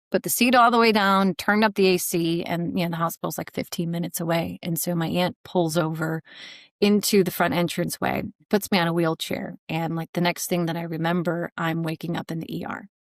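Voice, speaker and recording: A woman's voice: on the low side, creaky, dry recording, studio quality. A woman guest on a podcast, telling a personal story candidly, with a joking streak and many "you know" fillers.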